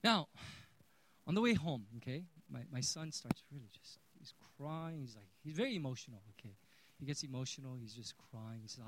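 A man in his thirties giving a sermon, telling a personal story and swinging between hushed and loud. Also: medium pitch, very animated, a little fast, low-quality recording. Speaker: pastor.

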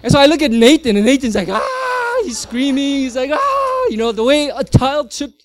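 High-voiced animated pastor preaching. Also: male voice, fast talker, slight background noise. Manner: animated storyteller, swings from loud to hushed. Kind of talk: sermon with personal story.

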